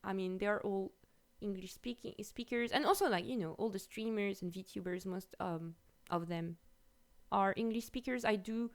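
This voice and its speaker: A woman with a French accent, a native French speaker, chatting casually as a stream host, lively and quick to laugh, with many restarts. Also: medium pitch. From France. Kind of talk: casual chat.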